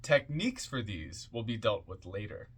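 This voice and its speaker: A man reading passages from an occult book aloud in a measured, deliberate way, with offhand asides in between. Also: lowish voice, sing-song, slightly rough.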